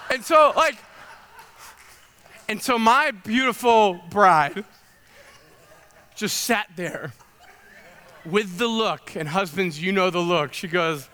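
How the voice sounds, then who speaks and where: A man's voice: sits high, lively intonation, takes it slowly, pauses often, sharp tone, big-room sound. A man in his thirties preaching a sermon, telling chatty self-deprecating stories full of fillers. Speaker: pastor.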